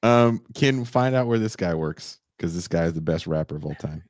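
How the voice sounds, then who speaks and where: Low-voiced laughing podcast man. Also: lively intonation, normal speed, a little mellow, slight background noise. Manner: laughing, swearing banter. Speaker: podcast co-host. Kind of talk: casual podcast chat reading super chats.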